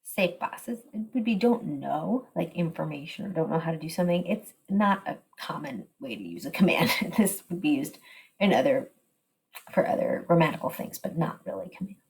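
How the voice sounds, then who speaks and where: A woman's voice: lowish voice, animated, moderate pace, gravelly, a little mellow, husky. A woman teaching a recorded slide lesson, explaining step by step and switching between Spanish and English.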